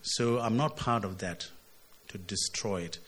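A man's voice: fairly low pitch, measured pace, a little hiss or hum. A man preaching a sermon, walking through a scripture passage, often asking his listeners "isn't it?" and lifting his voice when he quotes the text. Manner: expository, asks "isn't it?", surges loud on quotes.

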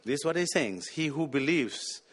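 A man's voice: a little high, animated, normal speed, fairly bright tone, slightly rough. Man, preacher, sermon, emphatic, repeats words.

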